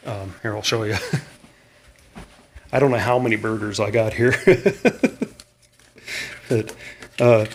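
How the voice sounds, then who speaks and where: A man's voice: mid-range voice, slight background noise. Rambling man, tired vlogger. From Canada. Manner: rambling, chuckling, many fillers and restarts. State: tired after a long day of running. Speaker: vlogger on a cross-country run. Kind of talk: casual spoken vlog diary.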